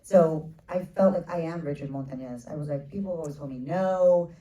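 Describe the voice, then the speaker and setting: A woman director in her forties answering questions in a casual onstage Q&A. She talks like an animated storyteller, acting out other people with quick asides. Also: sits low. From United States. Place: theater stage with audience. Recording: roomy theater sound from a distant mic.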